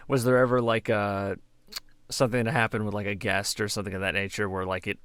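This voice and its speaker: A man hosting an interview, asking halting questions stuffed with fillers. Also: lowish voice, flat delivery, fairly bright tone, clear, resonant tone, dry recording. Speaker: podcast host.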